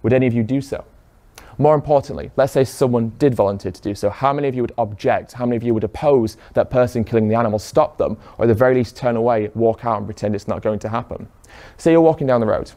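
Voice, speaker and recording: Male speaker, mellow mid-range voice, persuasive talk that keeps questioning the audience. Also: mid-range voice, fast talker. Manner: poses rhetorical questions to the audience; speaks directly to listeners in a room.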